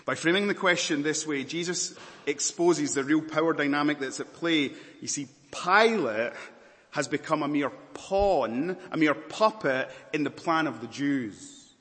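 A man's voice: a little high, a little slow, fairly bright tone, long reverb tail. A man preaching a sermon in a dramatic, emphatic manner, stacking up repeated words and lists.

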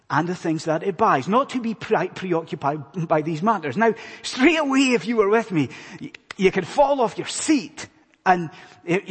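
Scottish preacher in a reverberant hall. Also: male voice, high-pitched, breathy edge. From Scotland. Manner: earnest, questioning the congregation, swings between loud emphasis and hushed lines. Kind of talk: sermon. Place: church in a large hall.

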